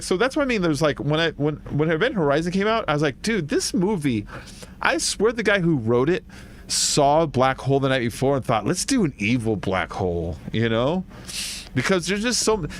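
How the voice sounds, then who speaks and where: A man's voice: mid-range voice, a little hiss or hum. A man streaming a game, chatting casually and telling long, rambling stories full of fillers. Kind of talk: casual chat while gaming.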